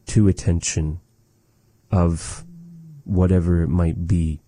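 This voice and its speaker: A man giving a relaxed spoken language lesson, measured and thoughtful, with many pauses and fillers. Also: sits low, no echo. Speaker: language teacher.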